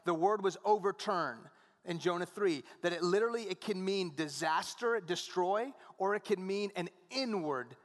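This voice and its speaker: A man's voice: high-pitched, moderate pace, big-room sound. A man preaching a conversational sermon, often asking his congregation "right?". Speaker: pastor.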